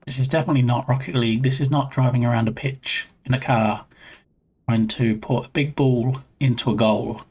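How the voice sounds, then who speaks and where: A man's voice: medium pitch, fairly even intonation, fairly quick, darkish tone, slightly rough. A man streaming live and chatting casually with his viewers in a rambling way, greeting them by name.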